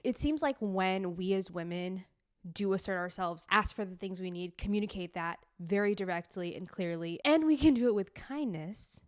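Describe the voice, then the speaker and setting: A woman's voice: mid-range voice, no echo, studio quality. Blunt, frank woman podcast host. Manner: frank, blunt, emphatic, profane. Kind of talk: solo podcast monologue.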